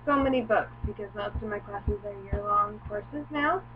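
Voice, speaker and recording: A young woman chatting casually in a home video, cooing to her dog now and then in a high voice. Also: moderate pace. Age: young adult. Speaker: vlogger. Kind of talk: casual chat. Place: home room. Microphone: laptop webcam mic. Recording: tinny lo-fi webcam audio with hum.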